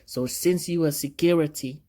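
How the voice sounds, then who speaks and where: A man's voice: fairly high pitch, moderate pace, dark tone, lightly acted. A man voicing an insistent Italian man in his fifties who keeps demanding that security act. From Italy.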